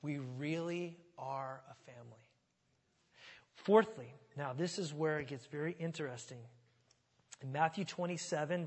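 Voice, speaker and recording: A male pastor delivering a sermon, talking conversationally and then building to loud, emphatic stretches. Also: on the high side, big-room sound. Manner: conversational preaching that swells to loud, emphatic passages.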